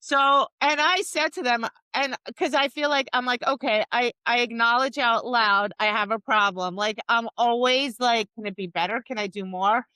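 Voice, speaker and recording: A woman dog trainer co-hosting a podcast, chatting casually. Her voice is bright and a touch high. She tells animated stories full of acted-out quotes, and the close mic sounds dry. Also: normal speed, few pauses, clean tone, no echo. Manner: animated storytelling with acted-out quotes, many restarts. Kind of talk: casual chat.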